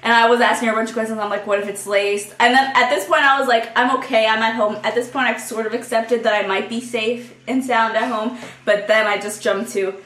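A young woman, a podcast co-host telling a story to friends in a lively way, laughing often and acting out her own thoughts. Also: on the high side, a little fast. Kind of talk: casual storytelling among friends. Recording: roomy echo.

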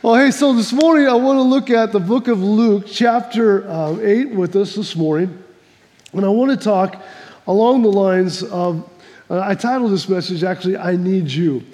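A man's voice: high-pitched, moderate pace, dark tone, big-room sound. A man preaching a sermon, telling a folksy joke before reading scripture, with many restarts and repeats. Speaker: pastor.

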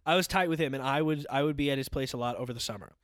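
A man's voice: medium pitch, rapid-fire, no room sound, clean studio sound. A young man from southern California in casual chat, rambling and full of "like" and restarts. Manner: rambling, filler-heavy, many restarts with "like".

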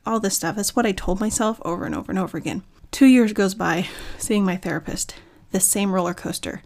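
A woman in her thirties talks openly and earnestly, telling her own story in a reflective monologue. She often stumbles and restarts mid-sentence, in a mid-pitched voice. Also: a little fast, creaky, a little mellow. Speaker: author sharing personal story. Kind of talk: candid personal monologue.

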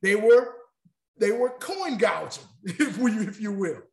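A man's voice: high voice, big pitch swings, slow pace, vocal fry, darkish tone, echoey room. A man preaching a sermon in an emphatic, repetitive way, calling out to the congregation.

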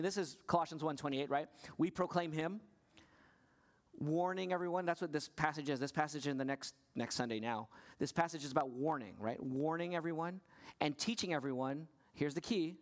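A male pastor delivering a sermon to his congregation, asking them questions, his voice sinking low and soft and then climbing high and pressing. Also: fairly quick.

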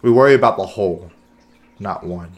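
Speaking a little fast in a low voice, a podcast co-host muses earnestly through a casual chat, peppering his thoughts with "right?" and "you know what I'm saying?"

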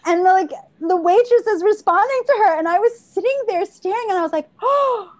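Co-host woman, high voice, laughing storyteller, many "like"s. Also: a little fast, a little mellow. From Filipino family, raised in the United States. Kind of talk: casual chat.

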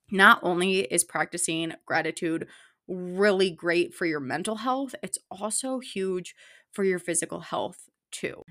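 Woman podcast host, lower voice, dry close-miked sound, casual and upbeat. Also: a bit bright, no echo. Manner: chatty and upbeat, with fillers like "like" and "you know". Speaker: podcast host and online fitness coach. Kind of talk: solo podcast talk.

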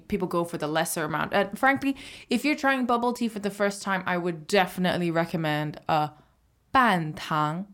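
A woman teaching a language on a podcast, patiently explaining and often checking in with "right?". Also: medium pitch. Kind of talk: podcast lesson.

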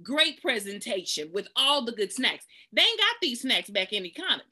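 A woman with a bright, ringing voice gives a casual spoken testimony. She tells a lively, folksy story and acts out the people in it with sudden jumps in pitch. She keeps turning to her listeners as if she were chatting with them. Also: normal speed, slightly rough. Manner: folksy, addresses listeners as "y'all". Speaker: therapist sharing a testimony.

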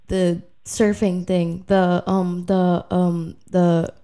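A woman's voice: on the low side, flat delivery, very slow, dark tone, smooth. A young woman talking in a casual family podcast chat, hesitant and giggly.

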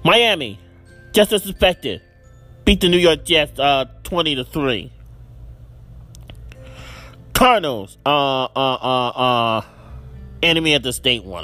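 A man's voice: mid-range voice, lively intonation, takes it slowly, pauses often, pushed and bright, faint music behind. A man hosting a solo football picks podcast, ranting in exasperation and repeating himself. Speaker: podcast host.

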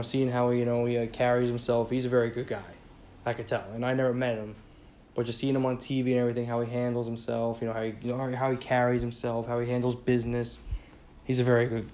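A man rants about his team on his own, speaking in a middle pitch with loose, rambling sentences. He leans on "you know" over and over and swears freely once he's riled up. A faint hiss sits under the recording. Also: darkish tone. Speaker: sports fan podcaster. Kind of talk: casual solo sports rant.

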